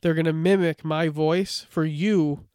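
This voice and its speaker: Speaking a little slowly in a fairly high, clean voice, this man co-hosts a casual podcast and shares lore, sometimes reading from notes. His storytelling is relaxed and full of "like" fillers, captured in studio quality with no room sound.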